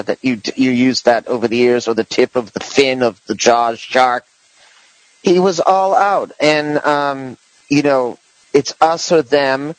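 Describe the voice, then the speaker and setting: A man's voice: mid-range voice, no echo, rough recording. A man hosting a podcast in casual political chat, rambling with many restarts and fillers. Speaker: podcast host.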